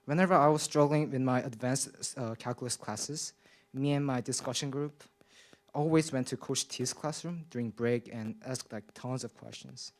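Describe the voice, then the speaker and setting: A man's voice: mid-range voice, moderate pace. Nervous young man giving a public comment. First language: not English. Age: young adult. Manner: hesitant, many fillers and restarts. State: shaky, nervous voice. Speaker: public commenter, college student. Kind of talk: nervous prepared speech. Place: school board meeting room.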